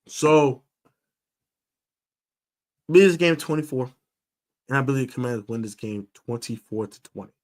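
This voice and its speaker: A man with a mid-range voice speaks unhurriedly and pauses often. He hosts a sports podcast's live stream football preview, animated and emphatic, using fillers and repeating himself for stress.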